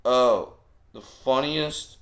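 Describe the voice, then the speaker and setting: A male comedian guest on a casual podcast, telling family stories with lively, animated delivery. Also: mid-range voice, very slow. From Southern California. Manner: animated storyteller, acting out family anecdotes.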